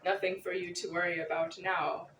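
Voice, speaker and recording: A woman's voice: fairly low pitch, little pitch movement, moderate pace, distant mic, crowd noise, low-quality recording. A woman vlogger talking to the camera in a rambling, repetitive, agitated monologue.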